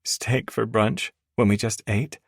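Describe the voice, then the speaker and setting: A man's voice: on the low side, steady tone, a little slow, gravelly, no echo, studio quality, voice pushed up. A man voicing a playful young woman in an audiobook romance, light and teasing.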